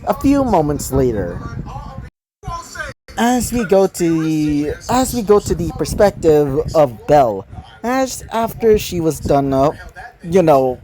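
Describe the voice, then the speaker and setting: A man's voice: on the high side, sing-song, slow, warm tone, low-quality recording. A man casually narrating his own fan fiction story, rambling with lots of fillers and self-corrections.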